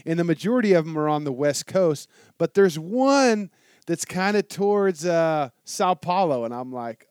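A man's voice: sits high, normal speed, clean tone, no echo. Swearing storyteller man, dry close sound. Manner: animated storytelling, heavy swearing and "dude". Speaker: guest telling a travel story. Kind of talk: casual chat.

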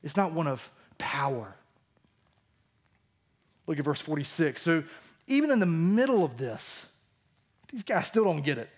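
A man's voice: fairly high pitch, a little slow, long pauses, husky. A male pastor preaching a sermon in a church, acting out the disciples' lines as he goes. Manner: animated, acts out the disciples' lines.

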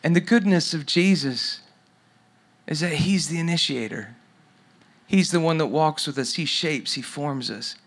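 Telling a story in his sermon, a middle-aged pastor speaks a little slowly in a slightly high, fairly bright voice. At tender points he drops almost to a whisper.

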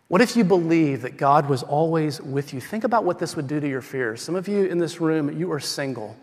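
A man preaching a sermon as pastor, swinging from loud emphatic lines to quiet, slow, intimate passages. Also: fairly high pitch. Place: church sanctuary. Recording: hall with long reverb.

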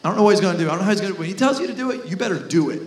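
A man's voice: sits high, expressive, racing, roomy sound, slight background noise, voice pushed down. A man voicing Mary as a stern, bossy mother who gives orders and scolds. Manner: scolding, commanding. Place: church.

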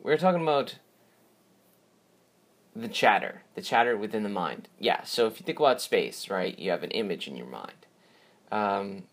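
A man's voice: lowish voice, sing-song, normal speed, long pauses. A man hosting a casual solo podcast, rambling and repeating himself, drifting off track now and then. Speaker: podcast host.

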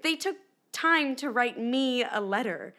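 A woman's voice: fairly high pitch, lively intonation, a little slow, pushed and bright, exaggerated voice. An actress playing a candid, rattled young female pop star in her twenties, rambling with lots of "like" in a dramatic monologue. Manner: chatty, rambling, lots of "like" fillers. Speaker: actor in an audio drama.

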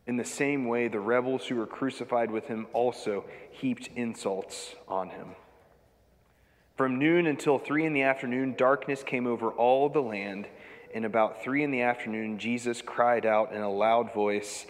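A man preaching a sermon as pastor, reading scripture with measured delivery and dramatic emphasis on quoted lines. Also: mid-range voice. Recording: long hall reverb.

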